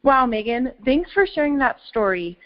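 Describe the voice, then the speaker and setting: A woman's voice: sits high, very animated, moderate pace, muffled recording. A woman co-hosting a podcast, giving an upbeat wrap-up for listeners. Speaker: podcast co-host. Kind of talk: podcast outro.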